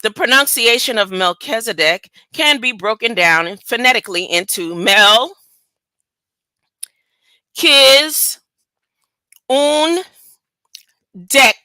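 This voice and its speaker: A woman leads a casual Bible study, reading scripture aloud and stopping for chatty asides and rhetorical questions. Her high, lively voice is pushed, bright and smooth, with no room sound, and her delivery is drawn-out and stop-and-start.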